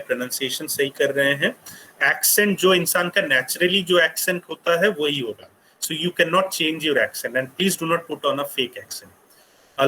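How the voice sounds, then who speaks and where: Brisk man with an Indian English accent. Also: on the high side, sharp tone, slight background noise, low-quality recording. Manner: explanatory, with frequent fillers. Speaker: guest speaker on study abroad. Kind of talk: webinar talk, English mixed with Hindi. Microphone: computer mic on a video call.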